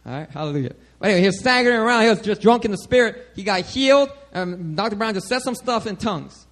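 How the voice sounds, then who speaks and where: A man with a notably high voice preaching a sermon. He teaches in a loose, animated way. He keeps checking in with the congregation as he goes. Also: fast. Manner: animated, checks in with "all right?" often.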